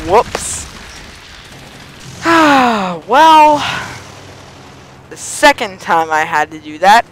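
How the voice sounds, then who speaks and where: A man's voice: sits high, very slow, pauses often. A teenage boy giving let's play commentary on a flight combat game, yelping and pleading at the screen as he plays. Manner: excitable, yelps and pleads at the game. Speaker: gaming YouTuber. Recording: noisy game audio behind voice. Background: engine and gunfire game sounds.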